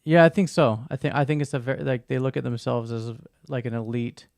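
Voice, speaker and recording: Brief: laid-back American man co-host, gravelly, unhurried and halting. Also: mid-range voice, no echo, clean studio sound. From United States. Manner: relaxed, hesitant, many fillers. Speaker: podcast co-host. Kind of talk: casual chat.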